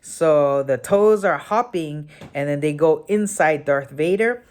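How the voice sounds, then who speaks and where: Talk as a woman with a very deep voice giving a casual spoken tutorial, thinking aloud with lots of fillers and correcting yourself as you go. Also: a little slow, a little mellow. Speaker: memory technique tutor.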